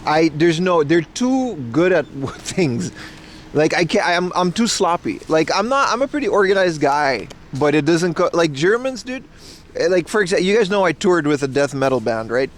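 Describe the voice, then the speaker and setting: A man's voice: a little high, big pitch swings, normal speed, a little hiss or hum. A man live-streaming on a nature hike, chatting to his viewers in a rambling, laid-back way and swearing freely. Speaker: livestreamer. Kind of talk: casual live-stream chat.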